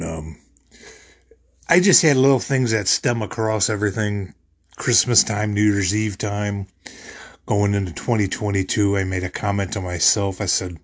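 A man's voice: on the low side, husky. A man talking on his podcast in a rambling, emotional monologue, often repeating himself as he recounts his thoughts. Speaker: podcast host. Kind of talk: personal monologue.

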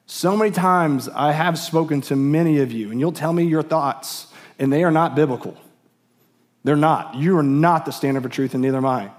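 Man, pastor, middle-aged, earnest sermon, repetitive, restarts, raised pitch. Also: moderate pace. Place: church sanctuary.

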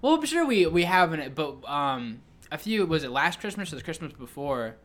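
A man co-hosting a casual chat, animated and teasing, who laughs often. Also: on the high side, moderate pace. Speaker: podcast co-host.

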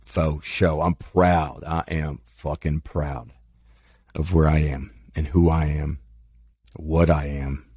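A man with a very low, gravelly voice talks in a loose, rambling monologue, frank and profane, laughing at himself. His voice is husky and a little dry-mouthed, recorded close with no room sound. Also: level tone, takes it slowly, dark tone, dry recording. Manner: candid, profane, self-deprecating. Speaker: podcast host.

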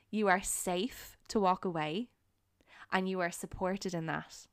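A young woman hosting a solo podcast, talking in an earnest, encouraging way with frequent pauses. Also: fairly low pitch, clear, resonant tone, no echo, studio quality. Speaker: podcast host. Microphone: studio microphone.

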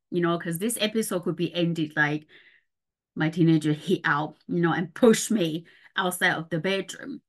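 Woman, middle-aged, parenting coach, podcast explainer, fairly low pitch, step-by-step, frequent check-ins.

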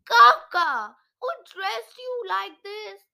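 A woman's voice: extremely high pitch, animated, slow, vocal fry, bright, forceful tone, voice pushed up, heavily acted. A woman reading a storybook aloud, voicing an eager young girl. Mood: excited. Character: young girl niece, excitable.

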